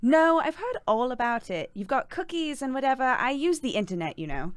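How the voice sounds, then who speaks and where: An exasperated young heroine, read by a woman close to her own voice. She snaps back with deadpan, annoyed lines. Her pitch jumps around a lot, and the sound is dry and close. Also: a little fast, clear, resonant tone, dry recording. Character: exasperated young female hero.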